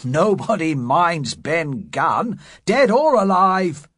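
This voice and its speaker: A man's voice: a little high, very animated, slow, fairly bright tone, no room sound, studio quality, pitched above the performer's own voice, full character voice. A man voicing an uneasy pirate sailor who talks in a hesitant, musing way. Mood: relieved.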